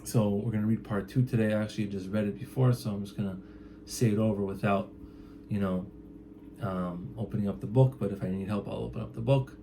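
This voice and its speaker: Mellow-voiced man retelling a tale casually. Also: on the low side, fairly even intonation, a little fast, slight background noise. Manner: loose and chatty, many fillers and "he's like" quotes. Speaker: storyteller.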